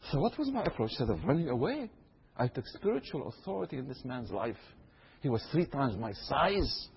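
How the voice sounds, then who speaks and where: A man from Syria preaching a sermon, swinging from low asides to loud high exclamations. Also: sing-song, fairly quick, creaky, husky. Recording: long hall reverb, dull lo-fi sound.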